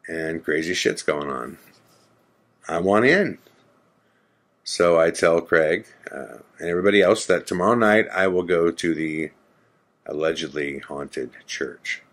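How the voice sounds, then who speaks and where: Very deep-voiced man telling a rambling story. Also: a bit bright. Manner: rambling, many fillers, skeptical asides. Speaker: storyteller recounting a ghost hunt. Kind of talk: casual spoken storytelling.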